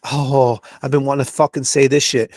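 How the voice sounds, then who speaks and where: A man's voice: medium pitch, little pitch movement, brisk, a little mellow, dry recording. A man, co-hosting a podcast and ranting about a game in a profane, heated way, repeating himself. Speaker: podcast co-host. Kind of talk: casual sports rant.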